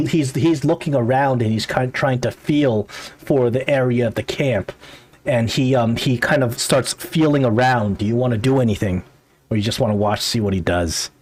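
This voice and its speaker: A man narrating a tabletop game as game master, halting with frequent restarts. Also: mid-range voice, darkish tone.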